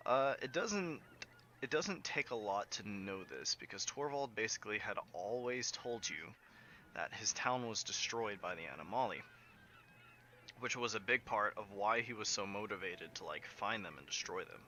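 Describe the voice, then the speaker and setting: A man's voice: on the low side, expressive, normal speed, pushed and bright, a little hiss or hum. A man narrating as game master of a tabletop game, in a casual, filler-heavy way. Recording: background music under the voice.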